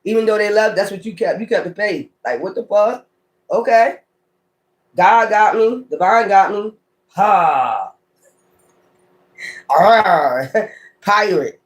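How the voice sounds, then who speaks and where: A man's voice: high voice, moderate pace. A man doing a casual tarot reading, talking straight to his viewers, cursing often and laughing between cards. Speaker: tarot reader.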